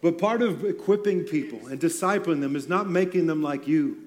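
With a fairly high pitch and a normal pace, a male pastor gives a sermon on stage in church. He talks loosely, like a conversation, and adds joking remarks.

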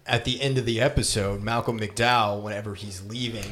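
A man's voice: lowish voice, steady tone, brisk, a bit bright. A man co-hosting a casual chat, chiming in with amused, swearing remarks.

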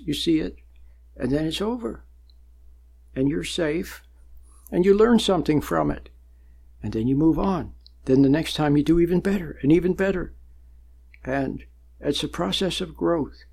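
A man's voice: on the high side, vocal fry, a little mellow, breathy edge. A man giving a spoken talk about meditation on a program, in a conversational, repetitive way with frequent chuckles. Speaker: meditation teacher.

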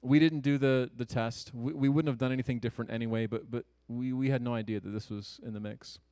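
A man's voice: mid-range voice, fairly even intonation, no echo. Earnest man telling a personal story. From Ohio, USA. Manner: earnest, conversational, with quick jokes and hushed asides. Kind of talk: personal story told to an audience.

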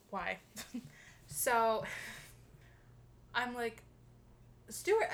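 A young woman casually telling a friend a story, animated, swearing freely and laughing as she talks. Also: on the high side. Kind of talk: casual chat.

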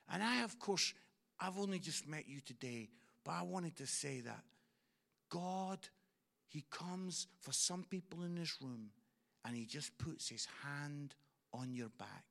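A man preaching a sermon, going from hushed, tender lines to loud, shouted bursts. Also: on the high side, measured pace, gravelly. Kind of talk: sermon storytelling.

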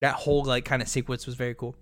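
A man's voice: medium pitch, flat delivery, fast talker. A man in casual chat about a video game, talking loosely, swearing freely and acting out characters' lines. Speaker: podcast co-host.

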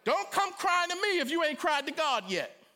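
A middle-aged man preaching a sermon in a colloquial, animated way, breaking into loud cries and acted-out quotes. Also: very high-pitched, moderate pace. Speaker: pastor.

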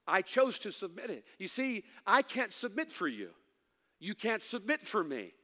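High-voiced preacher in a reverberant hall. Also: male voice, very animated, quick pace. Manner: preaching with swings from loud to hushed, folksy asides. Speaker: pastor. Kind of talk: sermon. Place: church sanctuary.

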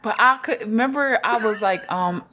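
A woman's voice: a little high, moderate pace, pushed and bright, slight background noise. Joking young woman co-host. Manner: candid, joking and laughing, with blunt slang. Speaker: podcast co-host. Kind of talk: casual chat.

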